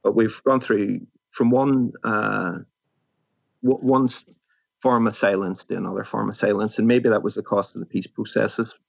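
A man with a Northern Irish accent, an author answering interview questions in a thoughtful, musing way that often trails off softly. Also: fairly low pitch, steady tone, normal speed, gravelly, dry recording. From Northern Ireland. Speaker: author guest.

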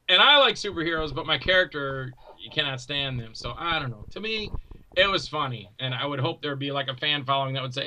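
A man being interviewed as a guest, an indie actor and filmmaker, telling stories in a rambling, animated way with many restarts. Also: a little high, brisk. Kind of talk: casual interview chat.

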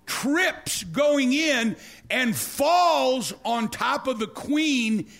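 A man preaching, telling a story with animated energy and acting out the scenes. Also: extremely high pitch, very slow, vocal fry. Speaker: pastor. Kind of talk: storytelling sermon.

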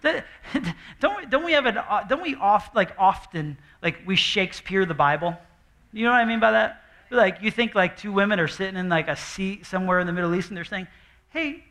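Lively high-voiced man preaching a sermon. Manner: animated and conversational, acting out quoted voices. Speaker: pastor. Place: church stage before a congregation.

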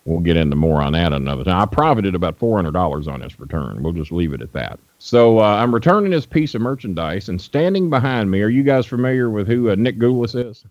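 An older man with a low voice tells rambling, blunt stories on a radio show. His speech is full of fillers and restarts. The dry, dull lo-fi audio sounds like an old broadcast. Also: big pitch swings, quick pace, hardly any pauses, darkish tone, no echo. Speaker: guest wrestling manager. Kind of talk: storytelling in a radio interview.

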